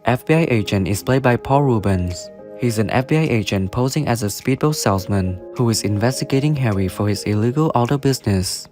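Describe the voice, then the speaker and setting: A man's voice: medium pitch, a little fast, soft background music. Man reading a scripted cast rundown. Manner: flat, list-like reading of names and ages. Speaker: narrator of a cast then-and-now video. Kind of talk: scripted narration.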